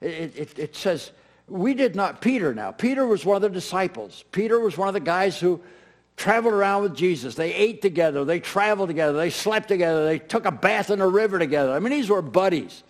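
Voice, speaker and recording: A middle-aged man preaches briskly as pastor in a high voice, delivering an animated, emphatic sermon full of repeated key phrases.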